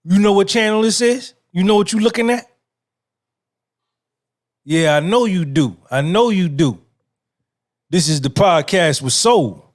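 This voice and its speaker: A man's voice: sits high, expressive, unhurried, pauses often. A man, hosting his own podcast in a casual monologue, emphatic and repetitive, firing off rhetorical questions. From New Jersey. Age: 50s. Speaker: podcast host.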